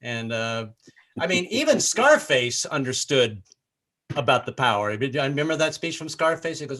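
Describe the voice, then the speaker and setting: A man's voice: on the high side, lively intonation, normal speed, a bit bright. A man from the American South doing a live-streamed stand-up set from his apartment, stammering through restarts. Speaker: stand-up comedian.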